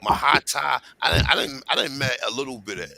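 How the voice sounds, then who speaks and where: A man hosting a casual podcast chat, telling animated, slangy, profane stories. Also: medium pitch, a little fast, creaky, slight background noise.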